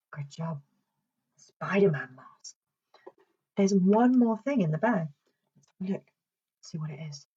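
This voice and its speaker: A woman's voice: fairly low pitch, lively intonation, takes it slowly, long pauses, dark tone, slightly rough, rough recording. A woman with a British accent, a speech and language therapist leading a children's session in a playful, sing-song way. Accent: British English.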